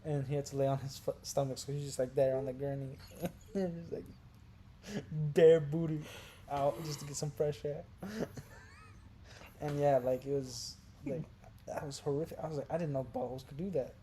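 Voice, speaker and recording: A young man casually telling crude stories on a podcast, sliding from low mumbles into loud, animated outbursts. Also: moderate pace. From Brazil. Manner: animated, gets loud and laughing when telling wild stories. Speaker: podcast co-host. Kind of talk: casual storytelling chat.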